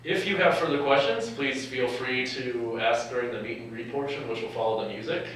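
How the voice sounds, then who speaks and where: A man's voice: medium pitch, a little fast, a bit bright, a little hiss or hum. A young man from California, a doctor speaking to medical students at a live event, joking and chuckling often, recorded from far off in a lecture hall. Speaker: physician and medical educator.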